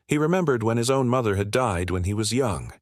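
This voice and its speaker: A man reading a scripted story as narrator, in a steady, even storytelling delivery. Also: fairly low pitch, fairly quick, dry recording, studio quality.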